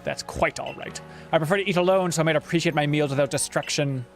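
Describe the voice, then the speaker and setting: A man's voice: on the high side, fast, creaky, faint music behind. A man reading the lines of a stern, commanding female captain in a curt, formal way.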